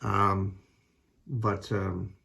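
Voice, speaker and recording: A man's voice: deep voice, little pitch movement, extremely slow, gravelly, sharp tone, slightly rough. A man talking casually in a personal vlog at home, rambling and hesitant, with many fillers and restarts. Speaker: vlogger.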